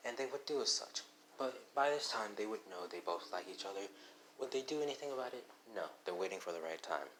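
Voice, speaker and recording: A man's voice: lowish voice, expressive, fast, fairly bright tone, rough recording. A young man casually retelling his own fan fiction at a home microphone, rambling offhandedly and cutting himself off mid-sentence. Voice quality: rambling, offhand, self-interrupting. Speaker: fan storyteller. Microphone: home microphone without headphones. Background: faint background noise.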